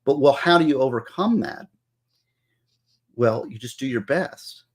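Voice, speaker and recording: Earnest, husky-voiced man lecturing. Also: medium pitch, animated, a little slow. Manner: earnest, lecturing, many restarts. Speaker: former juvenile prosecutor, guest. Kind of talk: casual advice talk.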